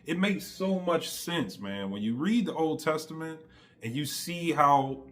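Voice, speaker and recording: Man, casual testimony, slangy and emphatic, animated delivery, bright tone. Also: a little high, a little slow. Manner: conversational, slangy, emphatic preaching. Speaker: faith vlogger.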